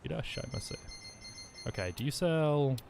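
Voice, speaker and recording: Lively chatty male game streamer. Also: mid-range voice, normal speed, slight background noise. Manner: chatty, rambling, jokey asides. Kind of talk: casual gameplay commentary.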